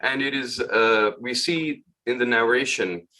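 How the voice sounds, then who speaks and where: Guy giving a religious talk, mid-pitched voice, tells the story and acts out the lines. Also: measured pace. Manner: storytelling, gently acts out dialogue with rising emphasis. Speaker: speaker at a memorial gathering. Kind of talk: religious lecture.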